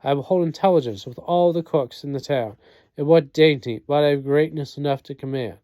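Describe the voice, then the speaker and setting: A man's voice: on the high side, fairly quick, mellow, dry recording. A man reading a play aloud, doing every part and reading out the speaker names and stage directions. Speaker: reader.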